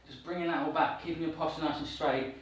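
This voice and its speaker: A man's voice: fairly high pitch, steady tone, quick pace, recorded from a distance. A man coaching a workout, upbeat and encouraging, counting reps and slightly out of breath. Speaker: fitness coach. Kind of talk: guided workout instruction. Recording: very echoey room, voice off-mic.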